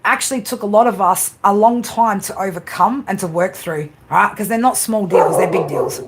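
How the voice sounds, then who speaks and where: A woman's voice: medium pitch, moderate pace, a little hiss or hum. A woman hosting a casual livestream pep talk, blunt and swearing constantly, with frequent tag questions. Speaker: tarot reader and livestream host.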